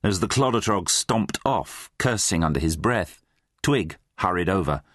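A man's voice: low-pitched, a little slow, no room sound, studio quality. A man narrating a children's fantasy audiobook, reading expressively. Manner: expressive, voices many characters. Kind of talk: scripted storybook narration.

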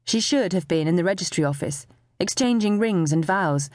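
Expressive woman audiobook narrator. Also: on the low side, normal speed, no room sound, clean studio sound. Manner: expressive storytelling. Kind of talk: scripted narration.

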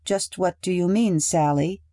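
A woman reading the lines of a calm, precise young husband who speaks in slow, measured words. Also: sits high, dry recording, clean studio sound. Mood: calm, detached.

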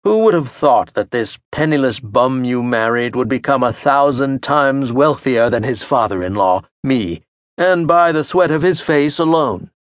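A man's voice: mid-range voice, expressive, measured pace, no room sound, natural voice. A man voicing an older male baker patriarch, jovial and boastful, in a hearty, sermonizing manner for an audiobook. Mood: teasing. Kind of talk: audiobook character voice. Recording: dry studio audio.

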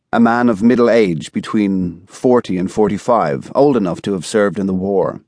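A man reading a thriller audiobook in a measured, even storytelling style, recorded on a studio microphone. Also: fairly low pitch, no room sound. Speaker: audiobook narrator. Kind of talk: scripted narration.

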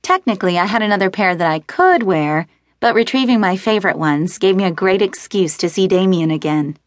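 A woman's voice: mid-range voice, animated, fairly quick, dry recording, studio quality. A woman narrating a first-person romance audiobook, lightly shifting her voice for characters. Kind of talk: scripted narration.

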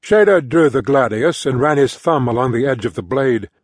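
A man reading fantasy fiction as an audiobook narrator in even, measured storytelling on a close studio mic. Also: mid-range voice, breathy edge, no echo. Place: dry studio booth.

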